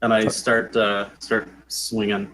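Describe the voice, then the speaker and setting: A man with a lowish, bright voice plays a tabletop game with friends. He sounds eager and excitable in casual chat. A faint hiss sits behind him. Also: slow, rough recording. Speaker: player.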